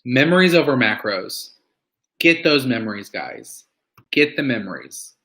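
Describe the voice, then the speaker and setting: A man talks casually to his weight-loss community, rambling through stories with plenty of "like" and "um". He breaks into fired-up, preachy bursts of encouragement. His voice is bright and forceful, sitting in an ordinary middle pitch. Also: very animated, measured pace, rough recording. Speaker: weight-loss community member speaking on a live meeting. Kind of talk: casual motivational talk.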